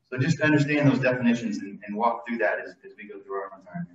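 A man's voice: mid-range voice, fast, hardly any pauses, a little hiss or hum. Rambling man talking in a roomy echo. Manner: rambling and conversational, many fillers and restarts. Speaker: lay speaker leading communion. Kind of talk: informal devotional talk. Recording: distant, muffled mic in an echoey room.

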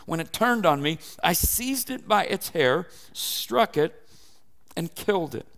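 A man's voice: sits high, expressive, measured pace, vocal fry, a bit bright, heavily acted. A man reading the part of a bold young shepherd, earnest and emphatic.

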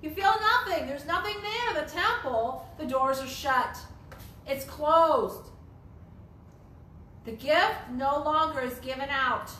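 A woman's voice: high voice, takes it slowly, pushed and bright, a little hiss or hum. A woman teaching a Bible study, emphatic and repetitive, asking rhetorical questions. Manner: emphatic, repeats phrases, asks rhetorical questions. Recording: echoey room.

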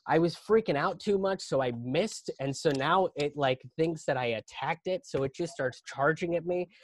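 Animated, foul-mouthed male storyteller. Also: on the high side, moderate pace, a little hiss or hum. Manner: animated, profane, exaggerated panic. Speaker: comedian and storyteller. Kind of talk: live virtual comedy storytelling.

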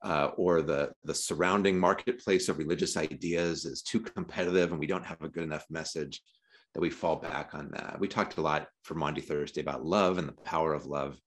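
Low voiced guy on a video call, thinking out loud about scripture, dry little jokes. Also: fairly even intonation, brisk. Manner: reflective, with wry self-deprecating jokes. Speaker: seminary professor. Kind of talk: conversational theology discussion.

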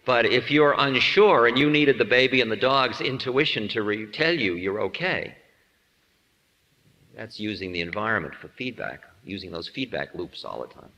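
A man delivers a spiritual talk with a bright, ringing tone and a pitch that moves freely up and down. He is playful and self-mocking, and he acts out small scenes as he goes. His voice carries a long hall reverb. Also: animated, normal speed, highs cut off. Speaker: spiritual teacher.

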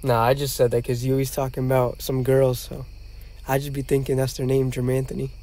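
A man's voice: medium pitch, monotone, a little fast, mellow. A young man co-hosting a podcast, joking and teasing in slangy casual chat. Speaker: podcast co-host.

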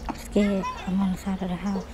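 A woman giving live commentary on a horror game, excitable and cursing, yelling when frightened. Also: medium pitch, a little fast. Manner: talks to herself and the viewers. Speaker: gaming video host. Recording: clear music playing behind.

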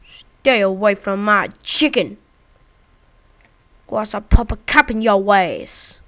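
A woman voicing a swaggering trash-talking tough who guards her turf, loud and taunting in a raised pitch. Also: takes it slowly. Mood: taunting, angry. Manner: loud, high and taunting, calling others fool.

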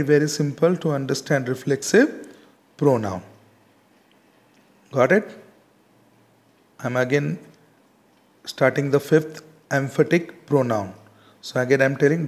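A man teaching a grammar lesson, stressing example words and checking in with "correct?" again and again. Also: fairly high pitch. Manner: repeats "correct?" and "got it?" often, stresses example words slowly.

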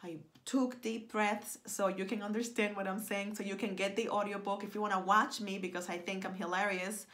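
A woman talking straight to camera as a writing coach, excitable and emphatic, repeating lines for effect and gesturing with her hands. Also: mid-range voice, a little fast, few pauses. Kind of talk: animated direct-to-camera pitch.

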